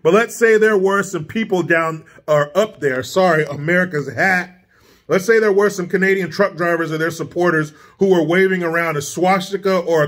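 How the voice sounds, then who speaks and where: A man's voice: high voice, fairly bright tone. A man ranting in a profane, combative and sarcastic political commentary vlog, recorded in his home studio.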